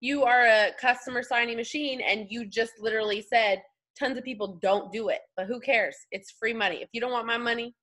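A woman's voice: fairly high pitch, steady tone, brisk, fairly bright tone. A young woman leading a casual coaching chat, upbeat and slangy. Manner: chatty, upbeat, slangy, puts on voices when quoting. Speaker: team leader hosting a call.

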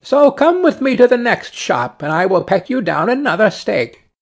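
A man voicing a bold, vengeful female sparrow who scolds in a high, emphatic voice. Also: very animated, normal speed, creaky, full character voice. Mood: friendly.

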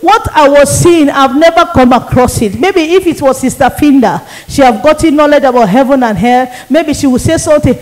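Nigerian lady evangelist preaching her testimony, high voice, earnest, keeps repeating for emphasis. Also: a little fast, hardly any pauses, poor audio. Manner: vivid, earnest storytelling with emphatic repetition. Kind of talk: testimony sermon.

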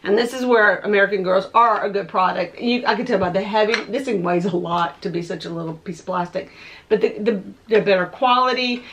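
A woman with a voice going hoarse, rambling as she shows off her thrift finds at home. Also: mid-range voice, a bit bright, slight background noise. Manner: rambling, chatty, thinking aloud. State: losing her voice. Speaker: vlogger showing thrift finds. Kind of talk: casual show-and-tell chat. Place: home room with window open. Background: dogs barking.

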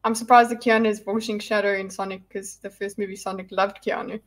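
A woman's voice: mid-range voice, flat delivery, fast talker. A woman chatting casually on a livestream, rambling and restarting her sentences as she answers viewers.

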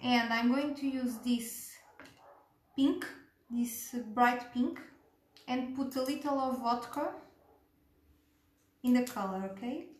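In an echoey room, a woman with a fairly high voice walks through a cake decorating tutorial one step at a time. She stays gentle and unhurried, pausing with fillers and checking in with "okay?"

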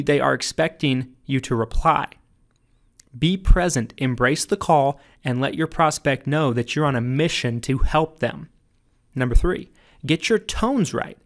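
Emphatic man reading his sales book. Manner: emphatic, coaching, punchy delivery with leaps in pitch on key points. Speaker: author narrating his own audiobook. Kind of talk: audiobook narration of a sales training book.

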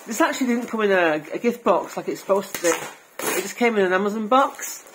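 A woman's voice: medium pitch, animated, a little fast, background noise. A middle-aged woman chatting cheerfully in a family vlog, presenting gifts with frequent giggles. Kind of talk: casual family vlog chat.

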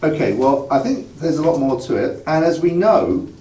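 A man's voice: a little high, sing-song, moderate pace, warm tone. Man, dry wit, casual wine talk, roomy sound, distant mic. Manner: dry humor, works sums aloud. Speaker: wine show co-host. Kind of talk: casual wine tasting chat.

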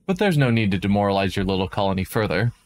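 A man voicing a proud, stubborn, smooth-talking military commander in a game. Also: fairly low pitch, big pitch swings, quick pace, darkish tone. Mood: smug. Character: smug smiling military commander.

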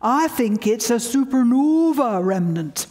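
A man's voice: very high-pitched, lively intonation, darkish tone, voice pushed up. Woman doing a blunt Yorkshire physicist. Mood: deliberate. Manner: slow, deliberate, matter-of-fact. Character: blunt senior male physicist in front row.

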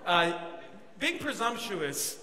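A man's voice: high voice, takes it slowly. A young man, a pastor, telling a self-mocking comic story during a sermon in a large church hall. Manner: animated, self-mocking storytelling with quoted asides. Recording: echoey hall, audience noise.

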